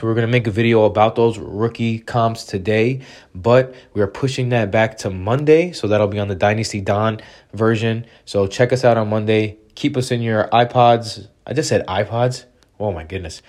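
A man hosting a podcast, a little sick, reading a show announcement in an upbeat promotional tone. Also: on the low side. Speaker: podcast host.

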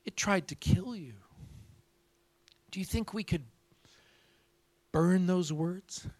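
A man voicing a gentle, patient woman counselor who speaks softly and slowly. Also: high voice, no echo. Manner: soft, slow and coaxing.

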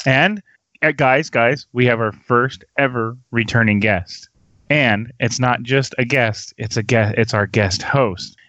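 A man's voice: medium pitch, slow pace, fairly bright tone, no room sound, highs cut off. A man hosting a casual podcast, joking and teasing his guests and swearing freely. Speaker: podcast host.

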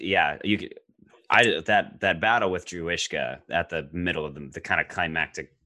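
A man talking casually about a movie, enthusiastic and jokey, with quick bursts of excitement. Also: deep voice, dry recording, studio quality. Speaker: co-host discussing a film. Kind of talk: casual film discussion.

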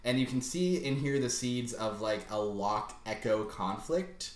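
A man's voice: medium pitch, expressive, measured pace. A man co-hosting a casual podcast, rambling through plot recaps with frequent laughs and casual swearing. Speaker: podcast co-host. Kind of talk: casual chat. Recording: echoey room with faint ambience.

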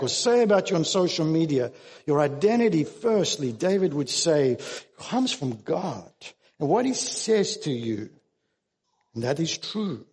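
A man's voice: a little high, darkish tone, long reverb tail. A man preaching a sermon as pastor, earnest and emphatic, often restarting his words.

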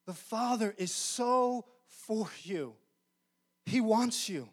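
A male pastor preaching a sermon in an earnest, emphatic way, often slowing down to stress key phrases. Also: high voice, animated.

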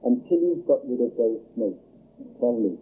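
A man voicing a calm, firm little girl who coaxes a frightened man, speaking in an insistent, questioning way over a tinny phone-like line. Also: medium pitch, moderate pace, slightly rough. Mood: stern.

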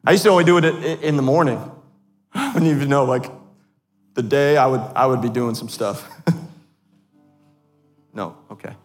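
A man in his thirties, a pastor preaching a sermon in a church, animated and self-deprecating, often laughing at himself. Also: medium pitch, a little slow, long pauses, faint music behind. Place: church sanctuary. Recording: long hall reverb.

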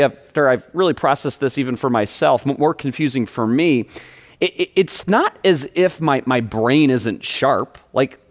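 A man preaching a sermon as pastor, often stammering and repeating words. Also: on the high side.

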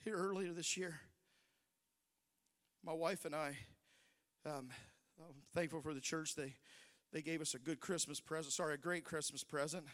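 A middle-aged man preaching a sermon, telling stories that build into shouted preaching. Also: on the high side, fairly even intonation, normal speed, in a large hall. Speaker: pastor.

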